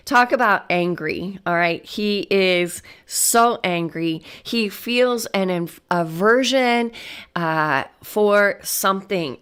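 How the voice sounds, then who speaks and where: A middle-aged woman talks through a Bible passage in a relaxed teaching tone. She speaks slowly and thoughtfully, asking herself questions and laughing lightly as she goes. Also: mid-range voice. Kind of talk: casual devotional teaching.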